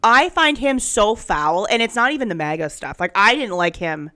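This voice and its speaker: A woman's voice: mid-range voice, sing-song, moderate pace, bright, forceful tone, no room sound. A woman co-hosting a podcast in casual chat, blunt and profane with strong opinions. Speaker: podcast co-host.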